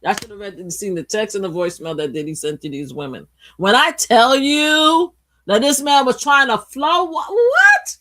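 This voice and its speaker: A woman hosting a live stream who tells stories casually and gossips as she goes. Her voice sits a bit high. She wanders off mid-sentence, swears freely, and searches out loud for names. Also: big pitch swings, normal speed. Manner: rambling and gossipy, swears, loses her train of thought. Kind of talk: casual storytelling commentary.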